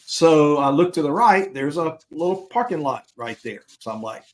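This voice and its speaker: A man's voice: a little high, animated, normal speed, few pauses. A middle-aged man co-hosting a podcast, telling a long personal anecdote in a casual, chatty way and acting out the other people's lines. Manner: chatty anecdote-teller who acts out dialogue. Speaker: podcast co-host.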